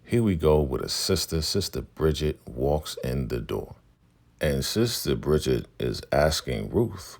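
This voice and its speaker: A man's voice: rumbling low, sing-song, a little slow, gravelly, a little mellow. A man hosting a casual vlog, chatting through a drama episode and acting out the scenes. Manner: chatty, acts out scenes in voices. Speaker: recap host.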